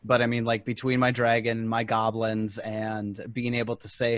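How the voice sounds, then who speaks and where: A man's voice: medium pitch, completely flat delivery, normal speed, a bit bright, no echo. A man in a casual chat among game masters, talking with enthusiasm and emphasis. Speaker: podcast co-host.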